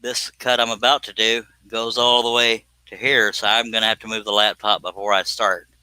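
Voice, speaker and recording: Guy rambling on his live stream, bright smooth voice, dry close sound, keeps getting sidetracked. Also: fairly low pitch, flat delivery, normal speed, dry recording, rough recording. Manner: rambling, self-deprecating, easily sidetracked. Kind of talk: casual live-stream chat while working.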